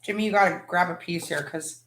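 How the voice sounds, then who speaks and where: A woman hosting a casual live chat from her kitchen, excitable and gushing about food. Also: lowish voice, a little fast, reverberant, very noisy. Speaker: livestream host.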